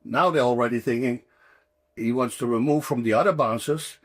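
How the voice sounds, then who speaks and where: A man in his sixties from the Netherlands with a Dutch accent, telling stories as a guest in a casual interview, emphatic and animated, with non-native phrasing. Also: medium pitch, normal speed. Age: 60s. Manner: animated, emphatic storyteller with broken English phrasing.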